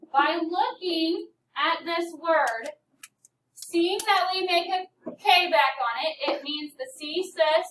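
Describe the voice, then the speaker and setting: Teacher in an echoey classroom. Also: female voice, very high-pitched, a bit bright, recorded from a distance, slight background noise. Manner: patient, prompting, calls on students by name. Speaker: elementary school teacher. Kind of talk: classroom phonics lesson.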